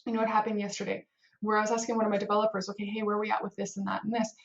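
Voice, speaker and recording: A woman's voice: medium pitch, completely flat delivery, racing, vocal fry, highs cut off. A woman who runs a web team, giving casual advice to camera in a rambling style, full of fillers and acted-out moments of inner panic. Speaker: head of a web development team.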